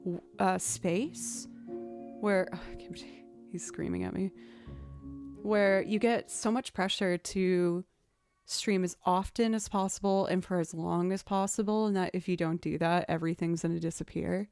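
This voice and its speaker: A woman's voice: on the low side, fairly even intonation, moderate pace, darkish tone. Chatty woman streamer, music faint behind. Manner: chatty, thanks viewers, frequent fillers. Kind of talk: casual live-stream chat.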